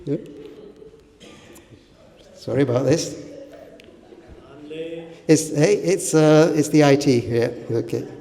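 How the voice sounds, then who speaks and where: A man doing relaxed, conversational, self-deprecating stand-up comedy. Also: a little high, slow pace, creaky, pauses often. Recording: echoey hall from a distance.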